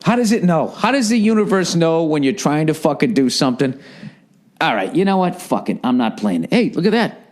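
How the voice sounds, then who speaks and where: A man's voice: sing-song, a little fast. Profane ranting man with a Boston accent. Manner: profane, ranting, swings between loud gripes and low mutters. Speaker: podcast host. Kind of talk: casual comedic podcast rant.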